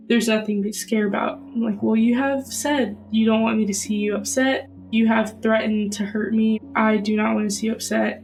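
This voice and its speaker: A woman's voice: a little high, rough recording. A young woman earnestly recounting a personal story in a podcast interview.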